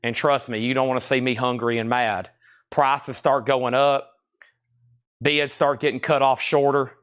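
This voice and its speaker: A man hosting a live-stream record auction, calling out bids and prices in a loud, projecting voice. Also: mid-range voice, flat delivery, measured pace, clean tone, dry recording, studio quality. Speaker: auction host.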